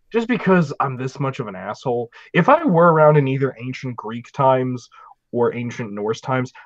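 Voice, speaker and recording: A man's voice: medium pitch, no echo, muffled recording. A man in casual chat, chiming in with blunt, jokey remarks.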